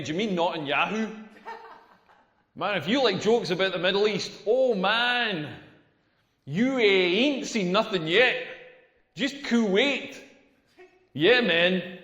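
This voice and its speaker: A man's voice: sits high, pushed and bright. A Scottish man doing a crude, self-deprecating stand-up comedy set on a club stage. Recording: echoey room with long reverb.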